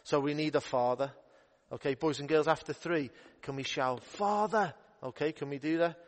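A young youth minister tells children a Bible story in a playful, upbeat manner, his voice fairly high for a man. He moves along briskly with fairly even intonation. The church hall gives everything a long, ringing reverb.

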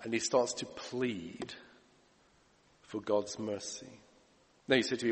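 A man's voice: fairly low pitch, steady tone, takes it slowly, pauses often. Emphatic male preacher in a reverberant hall. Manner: emphatic, swinging from loud to hushed. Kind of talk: sermon.

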